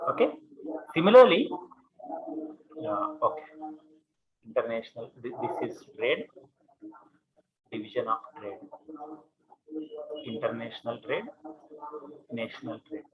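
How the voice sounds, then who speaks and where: A man's voice: medium pitch, lively intonation, unhurried, pauses often, a crowd in the background. A man with an Indian English accent lecturing a classroom on commerce, repeating points and checking in with "okay" and "see". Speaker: commerce teacher. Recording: muffled classroom recording with students.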